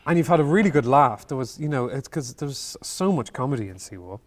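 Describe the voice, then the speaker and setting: A man, an actor as interview guest, telling stories in a halting, thoughtful way and often circling back on his words. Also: medium pitch, sing-song. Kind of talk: Q&A interview, reflective storytelling.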